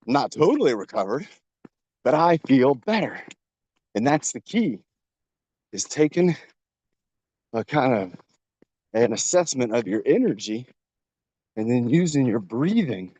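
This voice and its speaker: A man's voice: mid-range voice, big pitch swings, measured pace, pauses often, darkish tone, dry recording, muffled recording. A man coaching a workout while jogging outdoors, encouraging and a little out of breath. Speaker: fitness coach. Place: outdoors on a trail.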